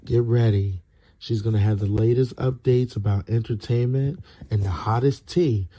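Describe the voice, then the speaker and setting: A man's voice: medium pitch, normal speed, warm tone, no room sound, dull audio. A man reading a scripted, upbeat intro for a review show.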